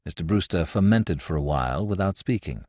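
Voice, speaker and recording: A man narrating a classic story as a scripted audiobook, with an expressive, varied delivery. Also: deep voice, a little fast, no echo, studio quality.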